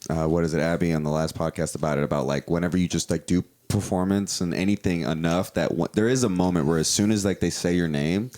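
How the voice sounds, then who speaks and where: A man hosting a podcast, chatting casually and telling stories in a rambling, animated way. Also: low voice, fast, hardly any pauses. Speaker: podcast host.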